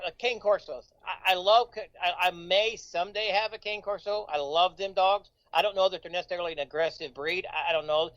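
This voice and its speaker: A man, a coroner guest in casual chat, halting and hedging with restarts. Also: high-pitched, fairly bright tone, no room sound, rough recording.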